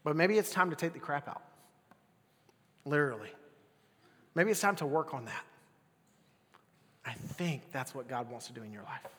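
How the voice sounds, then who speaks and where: A young adult man preaching a casual sermon as pastor, swinging between loud bursts and near-whispers. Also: on the high side, lively intonation, normal speed, pauses often, long reverb tail.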